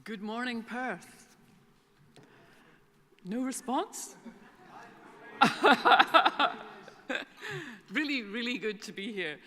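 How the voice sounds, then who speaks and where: A woman's voice: on the high side, slow, pauses often, a bit bright. A Scottish woman in her sixties giving a conference keynote speech, chatty and full of humorous asides. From Scotland. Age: 60s. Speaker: keynote speaker. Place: concert hall conference centre. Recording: long reverb of a concert hall conference centre.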